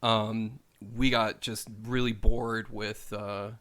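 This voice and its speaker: A man co-hosting a relaxed podcast, his voice bright and a little sharp. He talks in an animated, rambling way, restarting his sentences often. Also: on the low side, takes it slowly. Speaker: podcast co-host. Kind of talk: casual chat.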